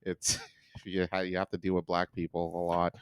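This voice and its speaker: A man's voice: low-pitched, monotone, normal speed, clear, resonant tone, no room sound. A young man co-hosting a casual podcast from home, joking around and teasing his friend. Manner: playful, slips into a hyped radio DJ voice. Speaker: podcast co-host. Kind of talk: casual chat. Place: home living room.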